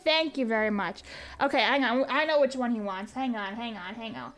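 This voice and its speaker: A woman live-streaming a game, rambling through stories and reading donations in a casual, swearing, animated way. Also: fairly high pitch, brisk. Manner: rambling, swears freely, laughs at her own stories.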